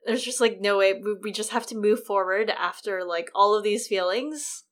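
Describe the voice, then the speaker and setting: A woman's voice: mid-range voice, normal speed, a bit bright. A woman hosting a podcast, casually and enthusiastically explaining poetic meter with examples and lots of filler words.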